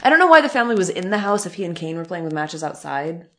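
A woman in casual podcast conversation. She talks in an animated, sarcastic way and slips into little impressions of the people she describes. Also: fairly low pitch. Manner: animated, sarcastic, quick to act out quotes. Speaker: podcast co-host. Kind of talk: casual chat recapping wrestling.

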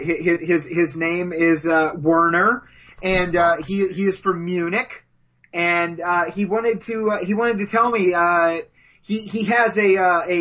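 A man with a high, bright voice co-hosts a joking podcast. He rambles and stammers, tripping over repeated words. The audio is dull and lo-fi. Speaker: podcast co-host. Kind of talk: comedic podcast banter.

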